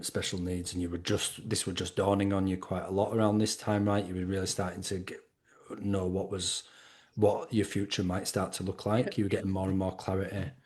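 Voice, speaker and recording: A man hosts a podcast interview with a very low voice and an even, level delivery. He speaks calmly and sums up his guest's story back to her. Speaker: podcast host.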